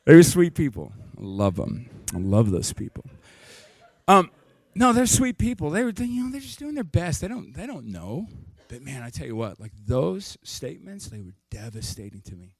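A man's voice: a little high, huge pitch swings, moderate pace, creaky, breathy edge, no room sound. A man preaching a sermon as a pastor, telling a personal story candidly with self-deprecating jokes.

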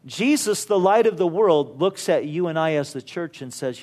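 A man with a notably high voice preaches a sermon. He tells stories in an easy, conversational way and often drops in casual asides to the listeners. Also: lively intonation, normal speed, hardly any pauses, a little mellow. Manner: conversational storytelling with frequent "you know" asides.

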